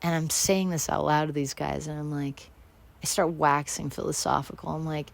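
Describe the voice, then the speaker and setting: A woman's voice: low-pitched, little pitch movement, moderate pace, gravelly. A woman hosting a radio show, telling a personal story in a rambling, candid, self-deprecating way with many restarts.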